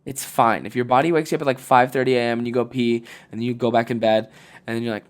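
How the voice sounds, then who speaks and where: A man's voice: mid-range voice, fairly even intonation, moderate pace. A young man hosting a podcast, giving blunt, profane, jokey advice in casual chat. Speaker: podcast host. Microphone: podcast mic.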